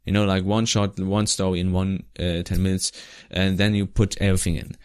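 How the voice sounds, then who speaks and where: A man with a fairly low voice chats loosely over footage of his own old project. His talk wanders, with plenty of restarts and the odd laugh. The sound is dry and close, with no room around it. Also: level tone, a little fast, a little mellow, clear, resonant tone, dry recording. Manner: rambling, restarts often, laughs now and then. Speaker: vlogger. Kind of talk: casual commentary over his old video.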